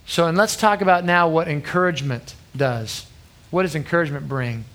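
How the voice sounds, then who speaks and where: A man's voice: fairly high pitch, a little fast, fairly bright tone. Earnest man preaching to youth. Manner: earnest, conversational, often asks the crowd "okay?". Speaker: youth pastor. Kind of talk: sermon to a youth group.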